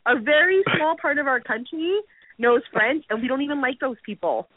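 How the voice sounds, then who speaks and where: A woman's voice: high voice, animated, normal speed. Giggly Canadian woman on a phone line. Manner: giggly, lots of "like" fillers. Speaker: guest. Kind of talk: casual phone interview.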